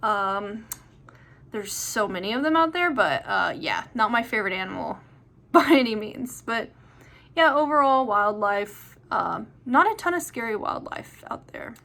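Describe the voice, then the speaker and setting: Bright-voiced young woman chatting casually. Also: on the high side, expressive, unhurried, gravelly. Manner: chatty, rambling, lots of fillers. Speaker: vlogger answering viewer questions. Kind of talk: casual chat.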